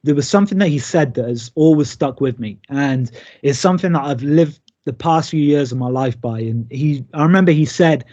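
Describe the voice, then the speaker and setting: The audio is muffled and lo-fi like a phone call as a thirties-aged pro wrestler, guesting remotely, spins fairly quick, lively tales from the ring. He imitates the people he quotes, in a voice a bit high for a man.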